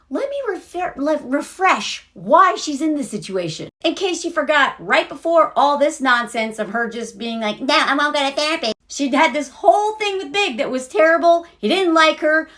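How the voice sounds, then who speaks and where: Brief: a blunt, sarcastic woman ranting about TV, high voice that swoops all over. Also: very animated, normal speed, a bit bright. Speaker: video creator. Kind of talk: sarcastic TV commentary rant.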